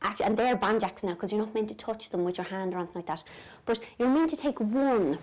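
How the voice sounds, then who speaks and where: A woman's voice: medium pitch, brisk, darkish tone, poor audio. An Irish woman chatting casually to camera from bed at night, self-mocking and dropping into whispers. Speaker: vlogger. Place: bedroom at night.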